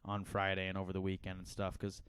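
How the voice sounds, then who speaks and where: A young man with a lowish voice chats casually as a podcast co-host, rambling and laughing between thoughts. The sound is close and dry. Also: monotone, fast, a bit bright, clear, resonant tone, no echo. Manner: rambling, laughs often, slips into mock accents.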